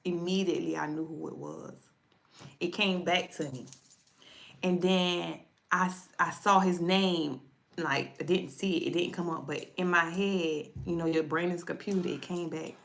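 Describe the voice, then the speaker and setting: A woman's voice: on the low side, steady tone, moderate pace, gravelly, fairly bright tone. A woman tarot reader telling a personal story to viewers in a casual livestream, chatty and repetitive, often addressing her audience directly. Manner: chatty, repeats herself, speaks directly to viewers.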